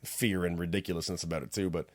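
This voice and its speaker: A man's voice: low voice, steady tone, fast talker, no echo, clean studio sound. A man co-hosting a podcast, telling a story in casual chat and swearing freely. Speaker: podcast co-host.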